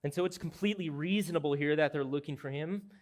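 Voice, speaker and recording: A man's voice: on the high side, fast. A man preaching an expository sermon as pastor, speaking in an earnest, emphatic, explanatory way.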